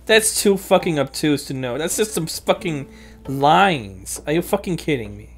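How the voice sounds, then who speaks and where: A woman's voice: low-pitched, expressive, normal speed. A young woman giving let's play commentary, muttering to herself and cursing in frustration at a puzzle. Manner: exasperated, swearing, muttering to herself. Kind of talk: video game commentary. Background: faint game music.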